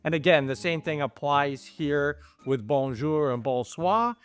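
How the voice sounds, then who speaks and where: A man's voice: fairly high pitch, a little slow, clean tone, faint music behind. A middle-aged man from Canada, explaining travel phrases in an easygoing, casual chat. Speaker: travel vlogger.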